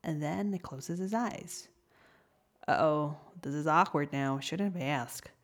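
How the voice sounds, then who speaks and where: A woman reading a storybook tale aloud in a gentle, soft-spoken way. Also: low voice. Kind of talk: storybook narration.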